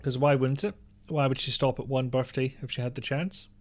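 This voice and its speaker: Guy live streaming a game, chatty and rambly, talks straight to chat, mid pitch. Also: steady tone, a little fast.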